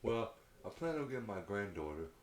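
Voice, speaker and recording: A man's voice: on the low side, very animated, fairly quick, a crowd in the background. A middle-aged man rambling loosely in a casual podcast chat, swearing freely. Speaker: podcast guest. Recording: echoey room.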